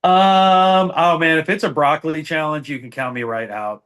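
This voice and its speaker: A man's voice: fairly high pitch, normal speed, a bit bright, clean tone. A man, a podcast guest, answering questions with good humor and little jokes. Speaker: guest, food challenge producer. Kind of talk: casual interview.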